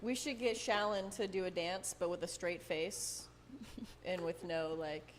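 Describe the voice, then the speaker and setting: A woman's voice: lowish voice, unhurried, slight background noise. A woman co-hosting a podcast in casual chat, with dry teasing remarks. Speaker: podcast co-host.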